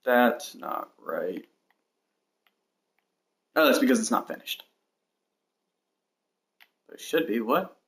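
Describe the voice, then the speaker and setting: A medium-pitched man with vocal fry talks slowly and pauses often while livestreaming a game build. He chats to viewers in a rambling, self-deprecating way and counts blocks aloud over a rough recording full of steady mouse and keyboard clicks.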